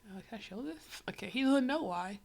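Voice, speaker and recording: A woman with a slightly high voice talks through a comic on a casual livestream. Her commentary rambles and stays wry, with plenty of "like" and "uh" along the way. She reacts as she reads rather than following a script. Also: animated, fairly quick, gravelly, a little hiss or hum. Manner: rambling, wry running commentary with many fillers. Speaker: livestreamer reading a comic aloud.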